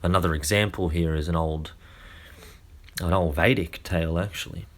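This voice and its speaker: A man who gives a lecture-style monologue with deliberate, drawn-out phrasing and frequent restarts. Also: low-pitched, steady tone, fairly bright tone. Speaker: speaker.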